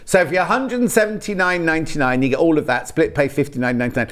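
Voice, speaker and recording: A man's voice: a little high, fast, few pauses, a bit bright. A British man presenting products on a live shopping channel in a TV studio, chatty and rambling, with frequent restarts.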